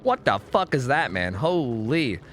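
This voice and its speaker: A young man streaming a game, chatting casually with his viewers, swearing freely and trailing into quick asides. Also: medium pitch, big pitch swings, a bit bright, a little hiss or hum. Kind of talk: casual gaming commentary.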